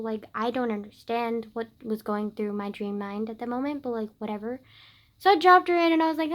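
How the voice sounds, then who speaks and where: A girl in her late teens chatting casually to camera, telling a story with lots of "like," swinging between loud outbursts and quiet asides. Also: on the high side, a little fast. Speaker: vlogger.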